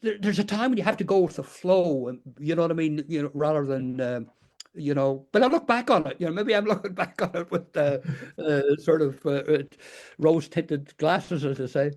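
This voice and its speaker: A man's voice: fairly high pitch, normal speed, a little mellow. An older man from Northern Ireland with a Northern Irish accent, telling stories as an interview guest in a rambling way, with many restarts and "you know"s. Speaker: guest, retired teacher and memoir author. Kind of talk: casual storytelling interview.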